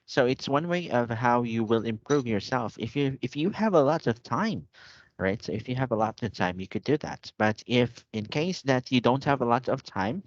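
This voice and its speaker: A man's voice: mid-range voice, no echo. A man teaching an online English lesson, patient and repetitive, checking in often with his student. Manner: patient, repeats and checks with "okay?". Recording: dull lo-fi online call audio.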